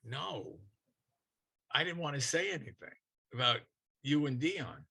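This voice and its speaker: Husky, lively laid-back co-host. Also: male voice, medium pitch, measured pace. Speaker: podcast co-host. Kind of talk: casual comedy chat.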